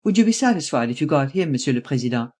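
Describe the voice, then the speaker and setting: Reader doing a calm sharp detective chief, formal, precise, unhurried, middle pitch. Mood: measured.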